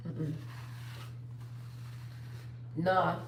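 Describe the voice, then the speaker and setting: A woman's voice: on the low side, level tone, very slow, gravelly. A young woman chatting casually on a livestream, telling stories and reading viewer comments aloud. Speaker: livestream host. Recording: roomy sound, distant from the mic.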